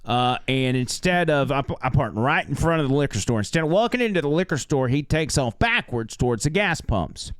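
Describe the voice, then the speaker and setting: A man who drives for a rideshare service tells a story on a podcast, animated and acting out the people in it. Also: mid-range voice, fairly quick, few pauses, clear, resonant tone, no room sound, studio quality. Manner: animated, acts out the characters.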